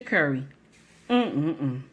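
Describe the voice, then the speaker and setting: A woman's voice: sits low, big pitch swings, extremely slow, lo-fi sound. A woman hosting a commentary show, sarcastic and mocking, repeating her lines with rising emphasis. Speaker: host.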